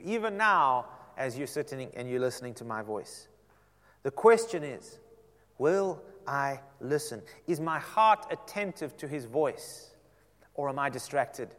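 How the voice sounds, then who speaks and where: A man preaching a sermon to a seated congregation, swinging from loud emphasis down to a soft near-whisper. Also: on the high side. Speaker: pastor. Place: church sanctuary. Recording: long hall reverb.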